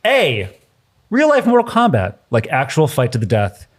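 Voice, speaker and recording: A man with a medium-pitched voice whose pitch rises and falls a lot. He co-hosts in an easygoing, casual way and reads viewer mail aloud to his partner. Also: huge pitch swings, normal speed. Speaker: show co-host. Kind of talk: casual chat.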